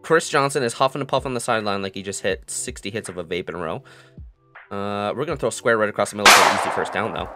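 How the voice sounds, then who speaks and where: A young man giving live commentary on his own football video game, muttering plays, then yelling and gloating in a sing-song voice. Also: fairly low pitch, fast, loud music behind the voice. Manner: excitable, swings from mutters to yelling. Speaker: gaming commentator.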